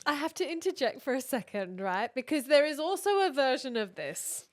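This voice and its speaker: A woman co-hosting a podcast in casual chat, throwing in quick blunt interjections and swearing. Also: sits high, big pitch swings. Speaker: podcast co-host.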